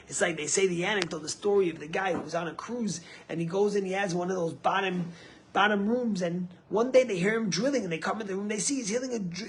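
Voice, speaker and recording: Animated high-voiced rabbi preaching. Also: male voice, slightly rough. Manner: animated, pitch swings from low murmurs to high emphatic peaks. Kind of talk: sermon with storytelling.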